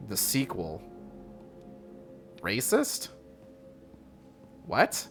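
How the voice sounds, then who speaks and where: A man's voice: lowish voice, animated, measured pace, fairly bright tone, faint music behind. A man streaming a video game, chatting casually and sarcastically, swearing and reading on-screen text aloud. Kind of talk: casual gameplay commentary.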